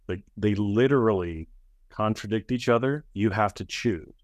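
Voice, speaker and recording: A man's voice: on the low side, normal speed, no echo. A man speaking as a podcast guest, blunt and emphatic, often asking "right?" and acting out other people's lines. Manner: emphatic, acts out quoted people in raised voices; blunt, uses casual profanity. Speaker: guest, audit training company head. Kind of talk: conversational podcast interview.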